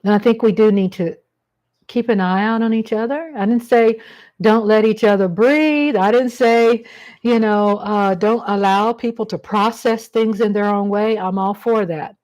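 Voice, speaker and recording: Rambling casually on her livestream, this woman says hello to viewers by name as she talks. Her voice is mid-range and a little mellow, with fairly even intonation at a normal speed.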